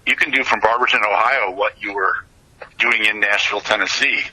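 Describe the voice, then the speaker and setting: A man with a very bright, forceful tone and a husky edge chimes in during a casual interview. He keeps his remarks quick and affirming. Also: fairly low pitch, rough recording.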